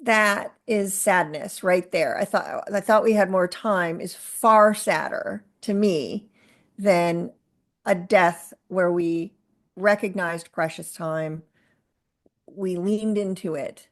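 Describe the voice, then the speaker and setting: Earnest middle-aged woman, halting speech. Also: on the low side, dry recording. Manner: earnest, halting, many fillers and restarts. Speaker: guest, author and caregiver. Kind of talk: conversational interview.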